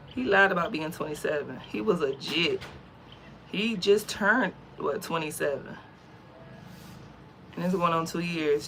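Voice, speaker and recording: A low-pitched young woman vlogging outside in the US recounts a story with chatty enthusiasm and lots of slang. There's slight noise in the background.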